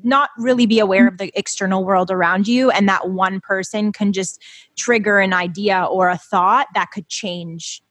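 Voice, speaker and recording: Woman guest creator, quick explainer, dry close sound. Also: medium pitch, steady tone, a bit bright, no echo. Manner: fast, explanatory. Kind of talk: casual panel chat.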